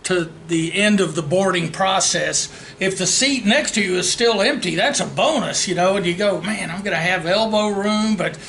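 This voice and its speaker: Man, seminar speaker, joking storyteller, high voice, faint room noise. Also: normal speed, fairly bright tone. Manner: storytelling, jokey, talks to the room. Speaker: real estate trainer. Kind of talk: joke-filled seminar talk. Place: meeting room. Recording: echoey meeting room, faint ambience.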